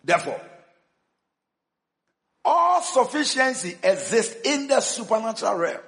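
A bishop preaching with a high voice that rises and falls animatedly. He hammers his points home through repetition and calls on the congregation to answer back. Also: very animated, a little slow, a bit bright. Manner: emphatic call-and-response preaching with repetition. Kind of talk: sermon.

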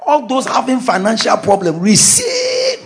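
A man preaching a charismatic sermon as pastor, fervently shouting declarations and decrees. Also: very high voice, huge pitch swings, unhurried, slight background noise.

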